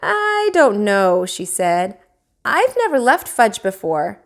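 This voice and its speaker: A woman's voice: mid-range voice, big pitch swings. A woman reading aloud, voicing a flustered, worried mother chasing her toddler. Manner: hurried, worried. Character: flustered busy mother of two boys.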